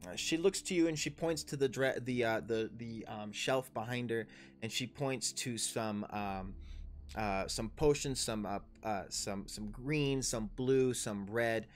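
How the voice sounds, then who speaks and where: A young man narrating as dungeon master, rambling and halting with many fillers. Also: mid-range voice. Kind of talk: narrating a tabletop game.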